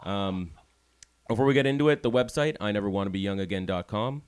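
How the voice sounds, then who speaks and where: A man's voice: fairly low pitch, a little fast, clean tone, dry recording. A man hosting a podcast in casual chat, rambling and correcting himself as he goes. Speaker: podcast host.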